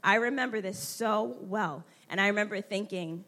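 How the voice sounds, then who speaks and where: A young woman speaking at a church gathering, heartfelt and halting as she fights back tears. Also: mid-range voice, a bit bright. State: close to tears. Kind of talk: emotional tribute at a church women's gathering.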